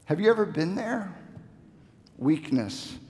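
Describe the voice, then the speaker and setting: A man's voice: high-pitched, big pitch swings, takes it slowly, darkish tone, in a large hall. A man preaching an expository sermon, explaining the text and asking his listeners rhetorical questions.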